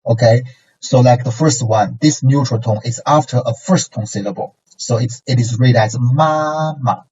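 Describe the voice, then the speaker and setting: Warm and medium-pitched, a man moves at a moderate pace through a language lesson, modeling syllables and tones for learners to repeat. He checks in with "okay" and "right"; the distant, dull lo-fi recording has a little hiss or hum.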